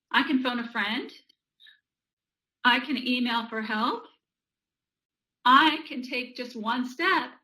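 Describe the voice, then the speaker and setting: A woman's voice: a little high, poor audio. A woman voicing a schoolchild who is frustrated with homework, speaking as the child in first person. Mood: encouraging. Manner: complaining, then talking self into calm.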